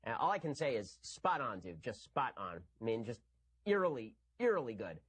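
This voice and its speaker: A man's voice: medium pitch, sing-song, fairly bright tone, husky. A man giving an argumentative commentary monologue. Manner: rapid, argumentative. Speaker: political commentator.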